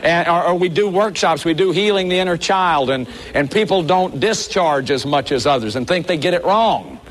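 A man's voice: a little high, animated, moderate pace. A man leading a workshop, lecturing an audience in an earnest, emphatic way, often stopping to say "see". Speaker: workshop leader.

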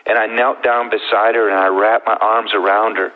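Middle-aged male guest, lowish, earnest testimony; thin phone-like recording. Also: little pitch movement. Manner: earnest, heartfelt, with slow pauses. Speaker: guest telling his story. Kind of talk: emotional personal testimony.

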